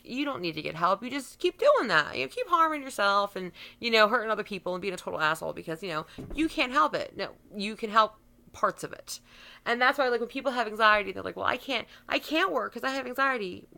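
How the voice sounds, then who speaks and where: A woman in her thirties ranting bluntly and profanely straight to camera. Her voice is bright and lively, swinging widely in pitch, and her words come out fast and heated. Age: 30s. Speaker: vlogger.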